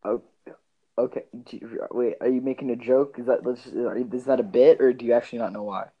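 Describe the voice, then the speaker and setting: A man's voice: mid-range voice, fairly even intonation, breathy edge, lo-fi sound. A man co-hosting a casual comedy podcast, quizzing his co-host with stammering restarts. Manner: quizzing, stammering, quick to laugh.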